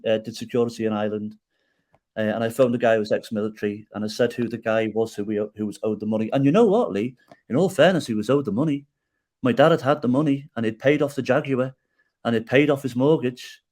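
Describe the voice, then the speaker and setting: Middle-aged male guest, medium pitch, lively storyteller who acts out dialogue and keeps checking in with the host. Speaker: podcast guest. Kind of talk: storytelling in an interview.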